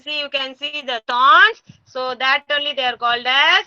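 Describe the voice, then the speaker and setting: A woman teaching a kindergarten class over a video call, patient and slow, repeating each word for the children. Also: high-pitched, sharp tone, no room sound.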